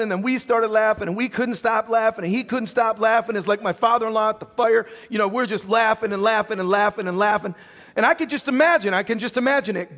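High-voiced animated male preacher. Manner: animated storytelling with many restarts. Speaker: pastor. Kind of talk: sermon. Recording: long reverb of a church hall.

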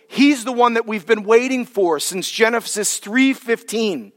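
A man preaching a sermon as pastor, emphatic, drawing key words out slowly for weight. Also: very high voice. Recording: long reverb of a large hall.

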